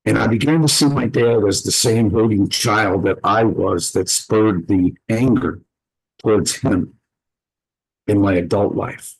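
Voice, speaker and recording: A man earnestly sharing a personal story in a group conversation, reflective and pausing to gather his words. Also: lowish voice, breathy edge, low-quality recording.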